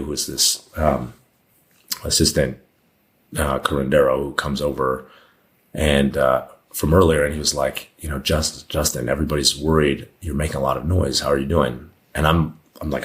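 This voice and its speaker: Very deep-voiced man telling a story. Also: fairly even intonation, normal speed, fairly bright tone. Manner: candid, rambling, many fillers and restarts. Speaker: podcast guest. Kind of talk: storytelling in casual conversation.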